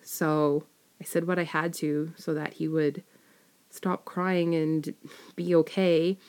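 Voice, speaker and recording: A woman's voice: deep voice, little pitch movement, slow, a little mellow. A woman casually telling a personal story, rambling with many fillers and self-corrections. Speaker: storyteller sharing a personal experience.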